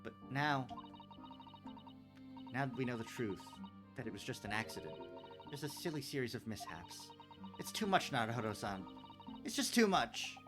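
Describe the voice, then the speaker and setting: Man doing a gentle, grieving young woman in a game reading, quiet voice, music under it. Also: medium pitch, sing-song, lightly acted. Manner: soft, tearful, halting.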